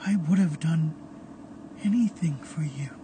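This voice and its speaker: A man's voice: high-pitched, a little slow, a little mellow, slight background noise. A man voicing a vengeful young man turned killer, bitter and menacing, often in a harsh whisper. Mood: cold menace.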